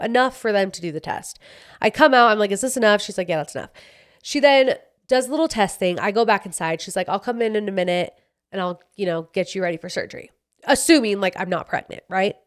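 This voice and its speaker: A young woman hosting a podcast, telling a personal story in a casual, animated way, acting out the dialogue and swearing freely. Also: mid-range voice. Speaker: podcast host.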